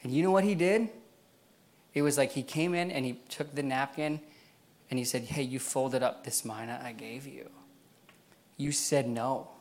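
A man's voice: mid-range voice, moderate pace, pauses often. A man preaching a sermon in a church, telling a personal story in a casual way, with many fillers and frequent laughs. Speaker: pastor.

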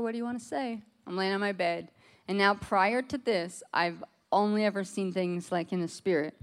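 An American woman preaching to a congregation, telling a personal testimony in a casual, chatty storytelling way. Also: mid-range voice. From United States. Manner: conversational storytelling with frequent "like".

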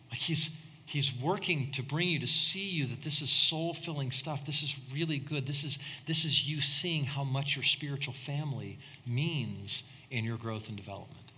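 A man's voice: medium pitch, a little slow, bright, forceful tone. A middle-aged man preaching a conversational sermon, repeating words and building to impassioned peaks. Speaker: pastor.

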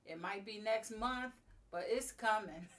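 A woman's voice: medium pitch, a little slow, fairly bright tone, recorded from a distance. A woman guest talking casually in an interview, emphatic and fond of repeating key phrases. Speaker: guest, beauty bar co-owner.

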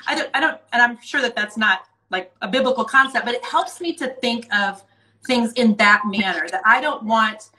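A middle-aged woman, a business coach and mother, reflecting in a calm, storytelling way as a guest. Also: fairly high pitch, rough recording. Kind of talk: interview conversation.

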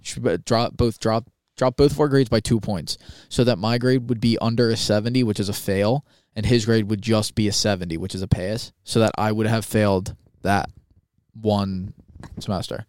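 A young man co-hosting a podcast, telling a story in a casual, animated, swearing way and acting out quoted voices. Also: fairly low pitch, normal speed, clear, resonant tone, no echo, clean studio sound. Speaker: podcast co-host.

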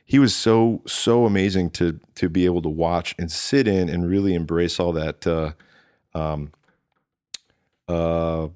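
A man's voice: low-pitched, fairly even intonation, a little slow, darkish tone, smooth, dry recording, clean studio sound. A man, a drummer and guest, telling a rambling story in casual conversation and acting out what people said to him. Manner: rambling, acts out quoted dialogue with restarts.

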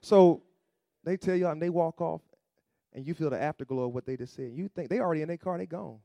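Man preaching, call-and-response, loud peaks and low asides, fairly high voice, dry sound. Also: quick pace, gravelly, no echo. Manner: acts out quoted voices in asides. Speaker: pastor. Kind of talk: sermon.

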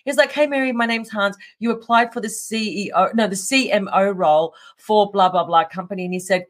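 A middle-aged woman in a casual interview, telling a story with lively energy, often laughing and acting out what people said. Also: medium pitch, brisk. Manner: animated, laughs often, acts out quotes. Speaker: guest.

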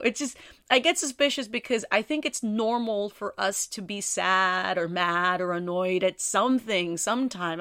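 A woman's voice: medium pitch, a bit bright, no echo. Candid woman podcasting in a dry room. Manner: candid, rambling, self-deprecating humor. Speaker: podcast host. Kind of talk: casual solo podcast chat.

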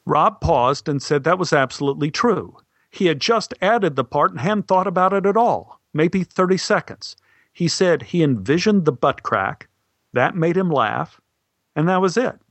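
A middle-aged male actor telling a story in a wry, deadpan way. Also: on the high side, moderate pace, no room sound. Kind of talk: storytelling monologue.

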